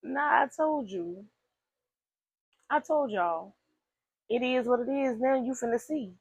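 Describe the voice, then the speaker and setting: A woman playing God as a fed-up parent, laying down the law in blunt, slangy warnings. The voice has a gravelly edge and sounds close and dry, with no room around it. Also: a little high, takes it slowly, dry recording, pitched above the performer's own voice, exaggerated voice, low-quality recording. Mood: stern warning. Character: stern, fed-up male God, scolding like a parent.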